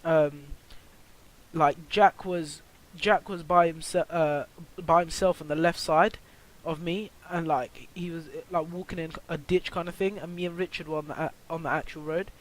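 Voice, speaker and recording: Rambling teen lad, slightly high voice. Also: male voice, steady tone, normal speed, poor audio. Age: teens. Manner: rambling, filler-heavy, swearing. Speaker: vlogger. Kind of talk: storytime vlog.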